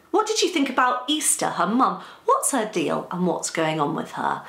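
Lively woman reading to children, echoey. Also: fairly low pitch, creaky. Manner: lively, playful, teacherly. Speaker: children's author reading her book. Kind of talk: storybook reading and lesson for children.

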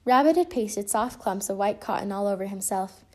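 A woman reading a children's storybook aloud with expressive delivery. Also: medium pitch, moderate pace. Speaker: storybook reader.

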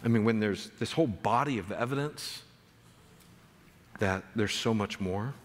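Man preaching in an echoing church. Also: measured pace. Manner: earnest preaching, reads scripture aloud, rises in pitch for emphasis. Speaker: pastor. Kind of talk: sermon. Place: church sanctuary. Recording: long reverb of a church hall.

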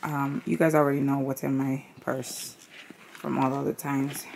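A woman's voice: rumbling low, level tone, normal speed, gravelly, heavy background noise. A woman in her thirties, a stay-at-home mom, chatting casually in a vlog at home, rambling and slangy, sometimes dropping to a whisper during chores. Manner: drops into whispers while doing chores. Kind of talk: casual vlog chat to camera.

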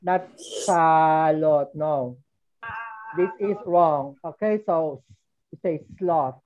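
A woman with a fairly low voice teaches an online English class for young children, patiently prompting and drilling their answers. The sound is dull and lo-fi, like audio sent over a video call. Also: slow, slight background noise. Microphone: computer mic on a video call.

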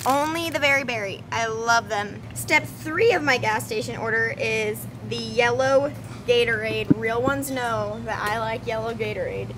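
Chatty young woman with a high voice. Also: unhurried, background noise. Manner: chatty, playful. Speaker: vlogger. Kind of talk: casual travel vlog chat.

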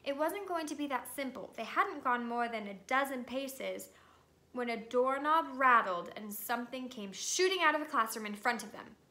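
A woman reading a novel aloud to students with lively, expressive storytelling. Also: fairly high pitch, normal speed. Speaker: reader.

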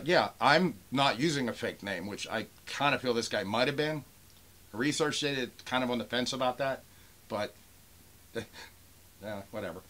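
A man's voice: fairly low pitch, normal speed, fairly bright tone. A man with a Pittsburgh accent ranting angrily and sarcastically, swearing and reading out messages in a mocking tone. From Pennsylvania. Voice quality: profane, heated, sarcastic. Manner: reads out messages with mocking emphasis. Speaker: toy seller and channel owner. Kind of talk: angry rant vlog.

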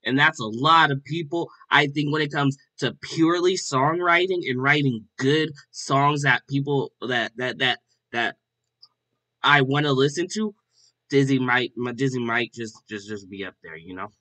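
A man hosts a casual music reaction in a bright, forward voice. He talks in an upbeat, loose way and keeps tossing in "like" and "all right?" between thoughts. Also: medium pitch, moderate pace. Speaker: host.

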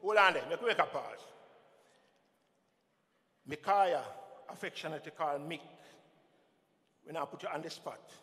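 A man's voice: on the high side, moderate pace, pauses often, in a large hall. A Jamaican man performing spoken-word dub poetry on stage, chanting rhythmic refrains and calling on the audience to respond. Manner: chanting, call-and-response, animated shifts between loud and hushed. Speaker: poet performer. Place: festival stage in a hall.

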